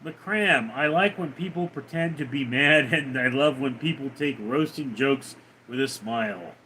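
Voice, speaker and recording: A man's voice: medium pitch, measured pace, bright, forceful tone, slight background noise. A man hosting a casual livestream, reading viewer comments aloud and answering them with teasing, crude banter. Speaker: livestream host.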